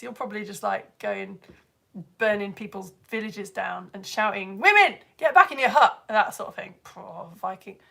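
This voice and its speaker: A woman, hosting a live stream and chatting excitedly as she reads out viewer comments. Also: medium pitch, vocal fry. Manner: chatty and excitable, bursts into laughter and squeals. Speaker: live show host reading viewer comments. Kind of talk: casual live-stream chat.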